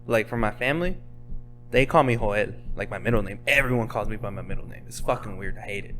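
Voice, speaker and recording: A young man, a podcast co-host, telling a story in casual chat, relaxed and swearing now and then. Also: fairly low pitch, fast, faint music behind.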